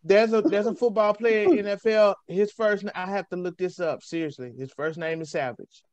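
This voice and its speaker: A man's voice: sits high, normal speed, darkish tone, dry recording. A man, joking playfully in a casual chat. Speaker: podcast co-host. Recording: dry, dull lo-fi sound.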